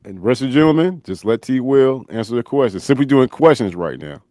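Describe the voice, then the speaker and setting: A man's voice: medium pitch, lively intonation, fairly quick, a little mellow, no room sound, clean studio sound. A man co-hosting a casual sports chat on a live stream, quizzing his friends and laughing easily.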